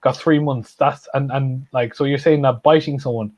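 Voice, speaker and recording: A man's voice: mid-range voice, steady tone, moderate pace, a little mellow, dry recording. A man in a casual football chat, blunt and opinionated, often restarting his sentences. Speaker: football podcast panelist.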